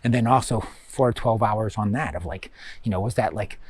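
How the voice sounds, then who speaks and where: A man's voice: lowish voice, moderate pace, a little mellow, husky. A man guiding students through a spiritual course review in a loose, rambling way, full of fillers and acted-out inner thoughts. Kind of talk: casual recorded course talk.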